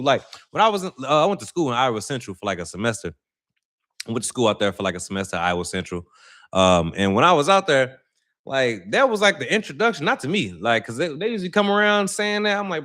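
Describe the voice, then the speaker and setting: Chatty and slangy, a young Saint Louis livestream host rambles loosely with his viewers, constantly dropping "you know what I'm saying." He talks quickly in an expressive, medium-pitched voice that's a bit bright.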